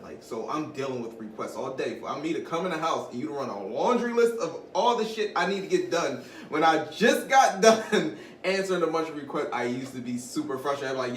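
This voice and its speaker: A man's voice: mid-range voice, animated, a little fast. A man co-hosting a casual podcast chat, venting frankly and swearing casually. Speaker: podcast co-host. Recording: roomy, distant mic, hiss.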